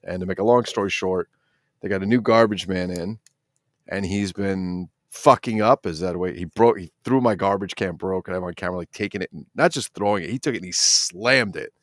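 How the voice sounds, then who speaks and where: A man's voice: sits low, brisk, no echo, clean studio sound. A middle-aged man hosting a casual toy-collector livestream, rambling and swearing while he reads the chat.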